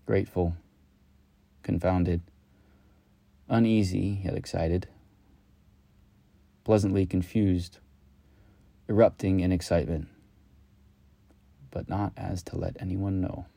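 A man reading a reflective personal story in a slow, measured, lyrical way. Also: low-pitched, steady tone, gravelly, mellow, dry recording. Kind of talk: reflective spoken-word storytelling.

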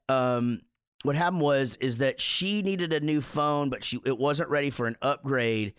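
Rambling, chatty man on a podcast with a fairly high voice. He tells loose stories full of swearing and chuckles, and the sound is dry and close with no room echo. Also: animated, normal speed, fairly bright tone, smooth. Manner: rambling, profane, laughs while telling stories. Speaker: podcast co-host. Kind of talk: casual storytelling chat.

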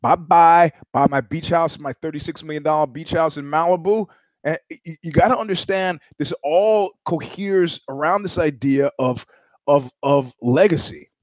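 Male host, profane storyteller with restarts, slightly high voice, dry muffled recording. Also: normal speed, a little mellow, no room sound. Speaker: show host. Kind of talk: casual monologue. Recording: dull lo-fi sound, dry.

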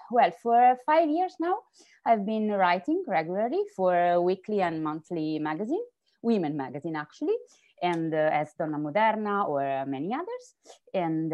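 A woman's voice: on the low side, darkish tone. A woman from Puglia with an Italian accent, talking as a guest on a podcast with many fillers. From Puglia, Italy. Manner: chatty, with frequent fillers. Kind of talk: casual interview conversation.

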